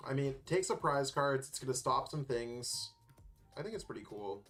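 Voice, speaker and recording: A man co-casting a late-night card game tournament, talking in a relaxed, sleepy, chatty way with frequent hesitations. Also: mid-range voice, moderate pace, soft background music. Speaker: esports co-caster. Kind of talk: casual game commentary.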